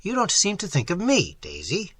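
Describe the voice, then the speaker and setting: A man voicing a mild, fatherly older male professor who lectures gently in an audiobook. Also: high voice, huge pitch swings, moderate pace, husky, no room sound, pitched above the performer's own voice, full character voice. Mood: teasing.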